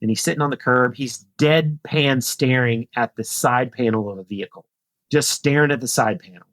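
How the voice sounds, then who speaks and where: A man in his forties tells a story as a podcast guest in a lively, casual way. He acts out the dialogue by pushing his voice up high, then drops back to a mid-pitched telling voice. The sound is close and dry, with no room around it. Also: normal speed, no room sound. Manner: animated, acts out dialogue in a raised voice. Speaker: podcast guest, retired pro cyclist.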